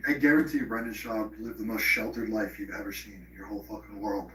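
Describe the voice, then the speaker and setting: A man's voice: fairly low pitch, fairly even intonation, fast, pushed and bright, a little hiss or hum. A man hosting a live stream, rambling in profane casual chat and slipping into mock impressions. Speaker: livestream host. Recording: roomy, distant from the mic.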